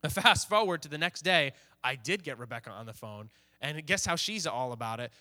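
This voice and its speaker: A man's voice: on the high side, animated, a little fast, sharp tone. A young man preaching casually to a youth group, telling a story animatedly and acting out the quoted lines. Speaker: youth pastor. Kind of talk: sermon.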